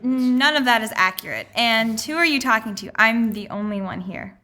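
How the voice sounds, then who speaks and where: A deadpan executioner. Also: female voice, a little high, moderate pace. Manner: flat, unimpressed. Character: deadpan exasperated executioner, adult woman. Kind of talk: comedy radio play.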